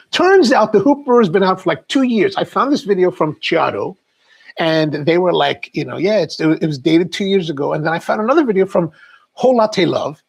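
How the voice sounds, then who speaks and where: Middle-aged male livestream host, slightly high, rough-edged voice; loose, rambling chat. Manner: chatty, rambling storyteller.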